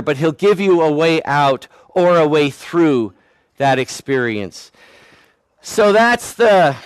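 A pastor delivers his sermon in a relaxed, conversational way, poking fun at himself and acting out the people he quotes. He is a man with a fairly high-pitched voice. The recording is dry and close, with almost no room sound. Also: dry recording. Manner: conversational, self-deprecating, acts out quoted voices.

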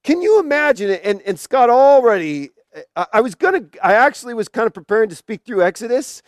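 A man preaching a sermon, telling a story in a halting way full of restarts. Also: extremely high pitch, big pitch swings, no echo, studio quality.

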